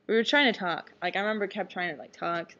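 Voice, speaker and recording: A woman's voice: medium pitch, fast talker, fairly bright tone. A young woman telling a rambling personal story in a casual vlog, full of fillers and little asides. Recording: dull lo-fi webcam audio.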